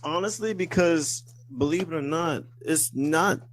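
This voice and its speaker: A man's voice: on the high side, a little slow. A young man co-hosting a podcast, talking in a laid-back, hesitant, slangy way in casual chat. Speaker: podcast co-host.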